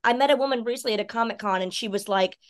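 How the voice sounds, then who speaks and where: A woman's voice: on the high side, rapid-fire. A woman who grew up in Texas and North Carolina, co-hosting a casual video-call chat in a bubbly, gushing way. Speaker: co-host.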